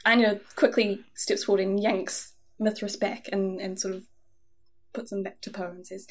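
A woman playing a tabletop game, speaking earnestly with halting restarts. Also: medium pitch, little pitch movement. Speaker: player. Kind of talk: casual tabletop game play.

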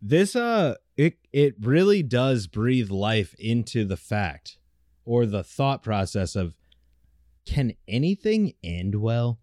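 A man from Virginia joking crudely in a casual chat. His pitch leaps around animatedly, and the sound is dry and close with no room echo. He keeps a loose, comic delivery. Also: sing-song, takes it slowly, darkish tone. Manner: joking, crude, does silly accents.

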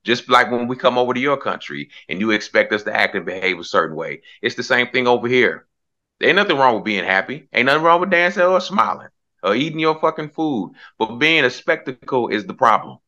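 A man's voice: medium pitch, animated, brisk, pushed and bright, highs cut off. A man co-hosting a comedy podcast, talking bluntly in casual chat and slipping into mocking impressions. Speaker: podcast co-host.

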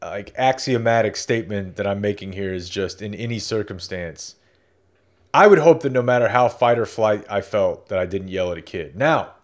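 A man's voice: fairly low pitch, normal speed. A man co-hosting a podcast in casual chat, wry and joking. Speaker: podcast co-host.

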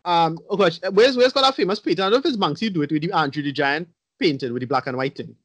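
A man's voice: a little high, quick pace, a bit bright, breathy edge, no room sound. A man in casual podcast chat reviewing a movie, blunt, rambling and profane.

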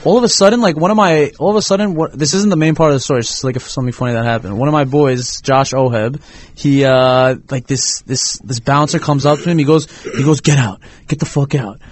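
A young man telling an animated, slangy story in casual chat. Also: a little high. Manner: animated storyteller, slangy, rushes when excited.

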